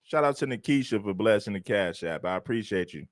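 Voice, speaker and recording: A man's voice: lowish voice, lively intonation, brisk, no echo, clean studio sound. A man co-hosting a livestream, teasing and laughing. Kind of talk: mocking commentary.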